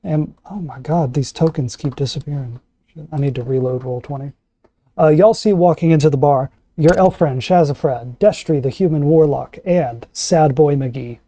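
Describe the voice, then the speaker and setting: A man's voice: on the high side, normal speed, warm tone. A man running a tabletop fantasy game as game master, narrating casually over a voice call.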